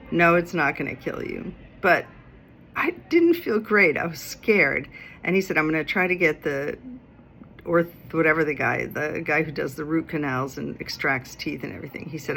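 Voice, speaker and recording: A woman vlogger telling a personal story in a chatty, animated way, acting out other people's voices, outdoors in a city. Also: low-pitched, gravelly, a little hiss or hum. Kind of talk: casual storytelling.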